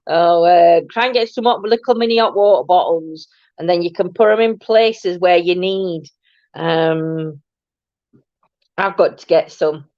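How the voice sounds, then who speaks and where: A woman's voice: on the low side, slow pace, pauses often, dry recording, highs cut off. Chatty woman hosting a live stream. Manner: rambling, chatty, greets viewers warmly by name. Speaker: host of a live morning chat stream. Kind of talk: casual live chat with viewers. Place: at home, indoors.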